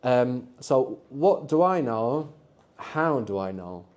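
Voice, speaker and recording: A man's voice: medium pitch, animated, slow, a little mellow. A man teaching a live language workshop to university students, patiently prompting them with questions and answers. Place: lecture room at a university.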